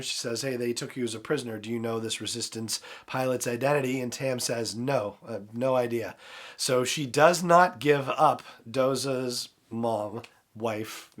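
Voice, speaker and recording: A man's voice: mid-range voice, a bit bright. A male podcast host talks through a throat cold. He retells the episode in a loose, conversational way, full of fillers and side remarks. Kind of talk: solo episode recap and commentary.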